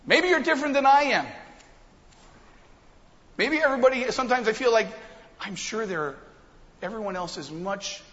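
High-voiced preacher in a reverberant hall. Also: male voice, muffled recording. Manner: swings between quiet asides and loud impassioned preaching. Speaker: pastor. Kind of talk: sermon.

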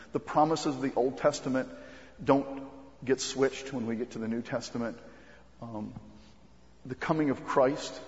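A man preaching a sermon as pastor, earnest and halting, with frequent ums and restarts. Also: mid-range voice, a little mellow. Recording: muffled recording with long hall reverb.

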